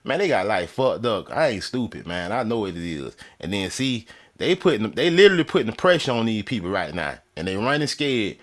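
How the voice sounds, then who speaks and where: A man's voice: lowish voice, sing-song, a little fast. A man ranting in a profane, mocking way, often laughing as he talks. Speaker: vlogger. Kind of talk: profane comedic rant. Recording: crowd chatter and noise behind.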